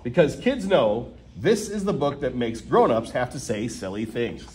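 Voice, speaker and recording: A man reading a children's book aloud, animated and playful, with mock protests and gleeful nonsense sounds. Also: medium pitch, normal speed. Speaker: storytime reader.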